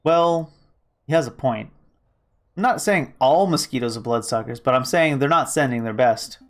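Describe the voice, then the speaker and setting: A man's voice: medium pitch, moderate pace, fairly bright tone. Wry man reading a game aloud. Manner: wry, joking asides. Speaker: streamer. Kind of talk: casual game reading with commentary.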